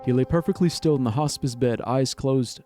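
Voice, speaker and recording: A streamer reading a story game aloud with expression and blurting out swearing reactions. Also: male voice, medium pitch, normal speed, mellow, soft background music.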